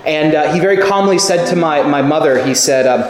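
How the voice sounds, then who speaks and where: A man's voice: fairly high pitch, a little fast. Man preaching in an echoey hall. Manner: animated storytelling with acted quotes. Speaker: pastor. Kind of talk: sermon. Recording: echoey hall with long reverb.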